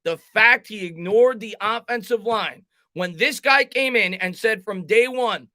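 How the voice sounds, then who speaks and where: A man's voice: high-pitched, measured pace, pushed and bright, no room sound. A young man hosting a live fan sports talk stream, ranting emphatically and reading chat.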